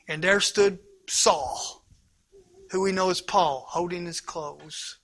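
A man preaching a sermon with passion, shifting between loud, urgent lines and hushed, near-whispered ones. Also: high voice. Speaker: pastor.

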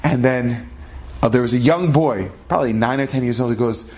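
A man telling an inspirational religious story in a dramatic, animated way and drawing a moral from it. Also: medium pitch, brisk.

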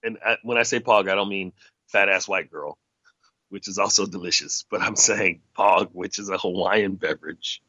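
A man with a bright, forceful voice chatting on his own podcast in a loose, rambling way, full of sarcastic asides. The sound is dry and close, with a slightly dull, lo-fi edge. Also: low-pitched, moderate pace, dry recording. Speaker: podcast host. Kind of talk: casual solo podcast chat.

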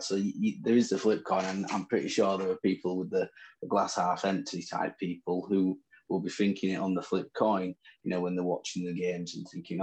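A man's voice: low voice, little pitch movement, brisk, darkish tone, rough recording. A man with a Northern English accent, co-hosting a chat podcast and trading boastful, teasing banter. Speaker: podcast co-host. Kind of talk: casual chat about fantasy football.

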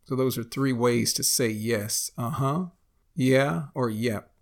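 A man from Texas with a Texan accent, teaching English phrases slowly and deliberately, repeating each example. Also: mid-range voice, fairly even intonation, gravelly. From Texas, United States. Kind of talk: explaining lesson.

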